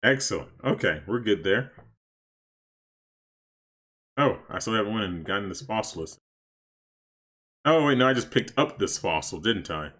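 A man casually commenting on his gameplay for stream viewers, chatty and excitable, talking to his chat. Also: fairly low pitch, normal speed, pauses often, husky. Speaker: streamer playing a life-sim game.

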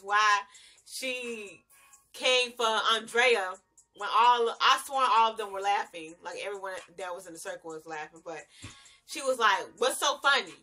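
A woman's voice: a little high, pushed and bright. A young woman, reviewing a reality show in casual, slangy chat and laughing often.

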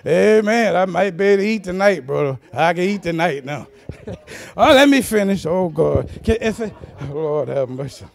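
A man preaching a sermon as pastor, folksy and chuckling, rising into shouted, sing-song cadences. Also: high-pitched, lively intonation, moderate pace, vocal fry.

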